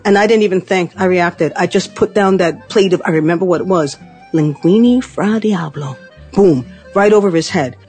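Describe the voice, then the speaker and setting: Animated woman in her fifties telling a story. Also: on the low side, moderate pace, breathy edge, soft background music. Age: 50s. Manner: conversational, animated, full of "like" and "you know". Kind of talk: personal story told on stage.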